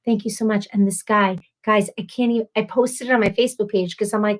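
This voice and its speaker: A woman in her thirties hosting a casual live stream, ranting in an animated, exasperated way and acting out quoted voices. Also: mid-range voice, fast, few pauses.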